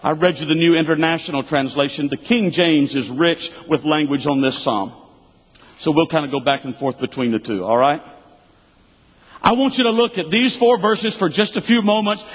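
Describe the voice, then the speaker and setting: A man preaching a sermon, emphatic and repetitive, swinging between loud bursts and quiet asides. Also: a little high, animated, moderate pace, husky, long reverb tail, poor audio.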